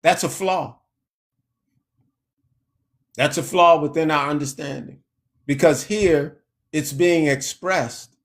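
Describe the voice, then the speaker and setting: A man preaching a sermon in a slow, emphatic way, lifting his voice when he quotes scripture. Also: a little high.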